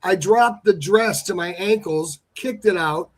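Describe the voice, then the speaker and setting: A man telling a jokey, animated story on a talk show. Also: high voice, measured pace, a loud crowd. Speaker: guest.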